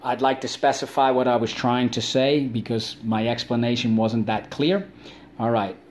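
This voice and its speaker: Animated male teacher leading spelling drills. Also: moderate pace, slight background noise. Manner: drills words with call-and-repeat chants; animated, swings up high for playful asides. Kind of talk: online spelling lesson for kids.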